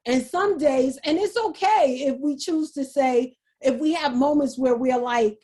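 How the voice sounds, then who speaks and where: A woman giving an earnest motivational talk over a video call, halting and repeating herself. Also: high voice, warm tone. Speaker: speaker.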